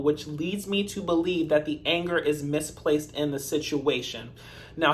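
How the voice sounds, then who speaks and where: A man's voice: high voice, a bit bright. A man giving casual recap commentary on a TV episode, chatty, with sassy asides to his viewers. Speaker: TV episode reviewer.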